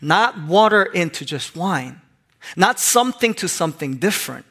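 A male pastor with a high, sing-song, slightly bright voice preaches at normal speed. His sermon is full of funny stories, and he playfully acts out little voices in the anecdotes.

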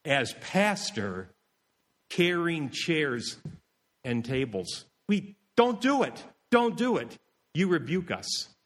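A man voicing a churchgoer who pleads with the pastor in a high, insistent voice. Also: very animated, very slow, pauses often, pushed and bright, in a large hall, exaggerated voice. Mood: pleading.

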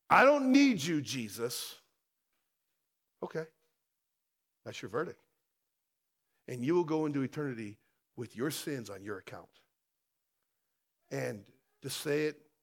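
A male pastor preaching a sermon, emphatic, with rhetorical questions and loud stressed lines. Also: fairly high pitch.

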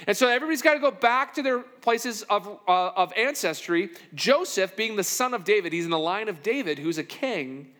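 Animated high-voiced male preacher in a hall. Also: a little fast. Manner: animated storytelling, acts out the characters' lines. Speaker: pastor. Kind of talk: sermon. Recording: long hall reverb.

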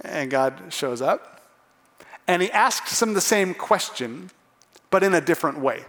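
A man preaching a sermon, animated, acting out the voices of the people in the story. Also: on the high side, a little slow. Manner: animated, acts out voices of characters. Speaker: pastor. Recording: long hall reverb.

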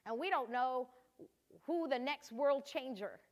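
High-voiced older woman giving a devotional talk. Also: expressive, unhurried. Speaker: devotional speaker for mothers.

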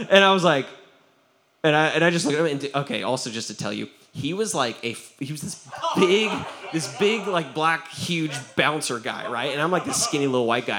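A male pastor tells a story from the pulpit with lively, animated delivery. His pitch swings widely and sits a little high, and he laughs often and keeps breaking off to restart his sentences. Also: fairly quick, a crowd in the background. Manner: animated, laughing, self-interrupting. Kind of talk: sermon storytelling.

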